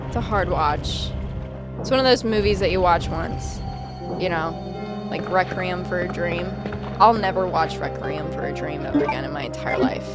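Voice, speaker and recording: A woman's voice: fairly low pitch, moderate pace. A young woman streaming a game, chatting casually, swearing freely and laughing often. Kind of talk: casual livestream chat while gaming. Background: game music.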